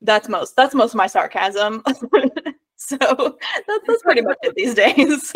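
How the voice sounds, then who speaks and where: A woman's voice: fairly high pitch, big pitch swings, slow, breathy edge. A woman co-hosting a podcast in casual chat, candid and personal, laughing easily. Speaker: podcast co-host.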